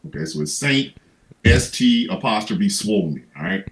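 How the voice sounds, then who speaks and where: Animated, profane male livestream host. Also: mid-range voice, normal speed, gravelly, low-quality recording. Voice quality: profane, animated, stammering restarts. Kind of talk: casual comedic rant.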